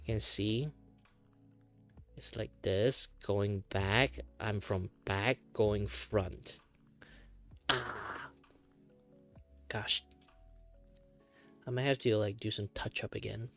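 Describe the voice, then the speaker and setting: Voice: mid-range voice, steady tone, takes it slowly, long pauses, fairly bright tone, soft background music. A VTuber from Malaysia, chatting casually while drawing on stream, with many fillers and restarts. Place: home streaming setup.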